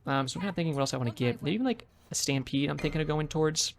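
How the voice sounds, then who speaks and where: A young man giving live commentary on his own ranked game, mixing calm strategy talk with excitable trash talk. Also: a little high, very fast, slight background noise. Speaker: gaming streamer.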